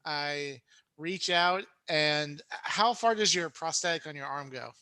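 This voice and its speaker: A man's voice: fairly high pitch, measured pace, sharp tone, clear, resonant tone, no room sound. A man playing a tabletop game, talking in a playful, laid-back way. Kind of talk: casual game chat.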